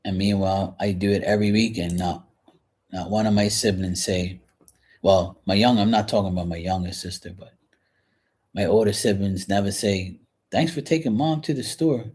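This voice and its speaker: A man hosting a casual livestream from his kitchen while washing dishes, talking frankly and rambling, often clearing his throat. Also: low voice, level tone, normal speed, a little mellow. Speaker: livestream host reading chat. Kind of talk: casual chat.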